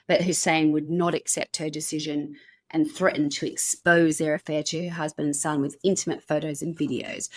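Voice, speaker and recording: A woman's voice: low-pitched, dry recording, clean studio sound. A woman hosting a podcast, telling a true crime story in a chatty, casual way and laughing at her own slips.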